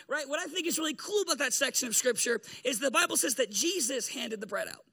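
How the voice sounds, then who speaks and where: A man with an unusually high voice and a strikingly bright, sharp tone preaches a loose, humorous sermon. He tells the story in a chatty, joking way and laughs often as he goes. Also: lively intonation, quick pace, vocal fry, hardly any pauses, husky. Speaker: pastor.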